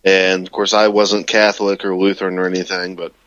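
A man's voice: deep voice, flat delivery, brisk, a bit bright, no room sound, lo-fi sound. A man co-hosting a podcast in casual chat, telling stories in a rambling way with lots of fillers and laughs. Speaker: podcast co-host.

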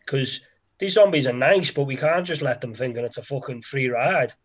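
A man's voice: medium pitch, moderate pace. A man, co-hosting a podcast with dry, sweary remarks. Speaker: podcast co-host. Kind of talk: casual banter.

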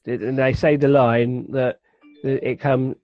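Male podcast co-host, halting delivery, dull lo-fi mic. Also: medium pitch, flat delivery, dry recording, faint music behind. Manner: halting, searches for words. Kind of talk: casual podcast chat.

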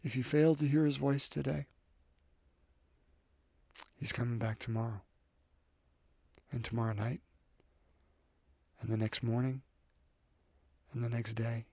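A man preaching a sermon in an earnest way, repeating his phrases and swinging between loud emphasis and soft, quiet lines. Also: medium pitch, steady tone, unhurried, gravelly, pauses often, husky, dry recording.

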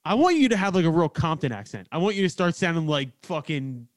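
A man's voice: fairly high pitch, sing-song, fast talker, dry recording, clean studio sound. A man in casual podcast chat, teasing his bandmates and swearing freely. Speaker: podcast co-host, band member.

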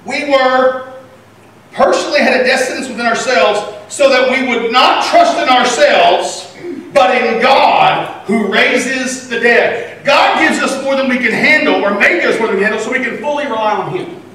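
A man preaching a sermon as pastor, animated, swinging between loud and quiet. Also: very high voice, moderate pace. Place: church sanctuary. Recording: echoey church hall from a distant mic.

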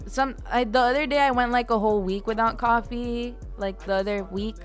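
A woman's voice: a little high, steady tone, brisk, soft background music. A young woman, a student co-hosting a podcast, talking in casual chat that is loose and rambling, full of fillers and casual swearing. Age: young adult.

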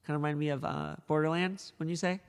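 A man's voice: fairly high pitch, steady tone, quick pace, vocal fry, clear, resonant tone, big-room sound. A man co-hosting a casual podcast, telling joking, rambling stories. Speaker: podcast co-host.

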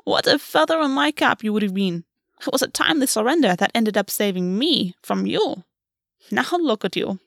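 A woman voicing a brash, clawed fae queen who mocks warmly and swears freely. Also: fairly high pitch, expressive, normal speed, dry recording, clean studio sound. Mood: gloating. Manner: mocking yet warm, swears freely. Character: brash, teasing female fae queen, a clawed bird shifter.

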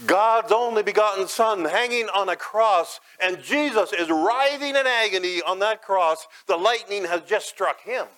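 A man preaching a sermon as guided imagery, dramatic, swelling loud and high, then dropping soft and low. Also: measured pace, few pauses, poor audio.

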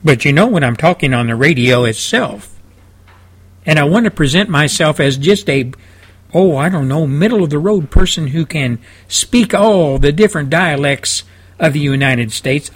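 A man's voice: a little high, slightly rough. A man with a Texan accent hosting a radio show from his studio, talking in a folksy, rambling way. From South Texas. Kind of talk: folksy talk radio monologue.

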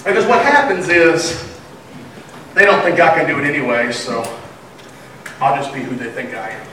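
A high-pitched man preaches a sermon with humor and sudden excited shouts. His voice rings through a very echoey church, picked up from some distance away. A faint background hum sits under him. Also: moderate pace. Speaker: pastor. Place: church sanctuary.

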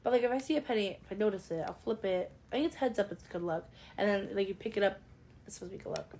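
A woman's voice: medium pitch, very fast, a little mellow, a little hiss or hum. A woman co-hosting a podcast in casual chat, giggly and rambling, often trailing off. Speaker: podcast co-host.

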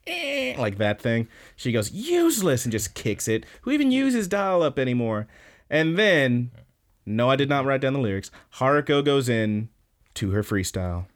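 A man co-hosting a podcast, casually recapping an anime episode with lots of fillers and quick laughs. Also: on the low side. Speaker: podcast co-host.

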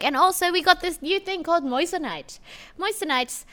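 A woman's voice: very high voice, lively intonation, a little fast, bright, forceful tone. A woman co-hosting a podcast in casual, profane chat, loose and full of fillers and laughs. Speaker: podcast co-host.

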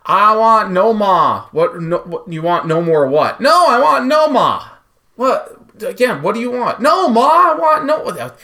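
A man hamming up a shouting Boston guy. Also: sits high, very animated, unhurried, pitched above the performer's own voice, heavily acted. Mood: mock shouting. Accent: Boston put-on. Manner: shouty, exaggerated, back-and-forth bit. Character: loud Boston guy in a shouted mix-up, male adult.

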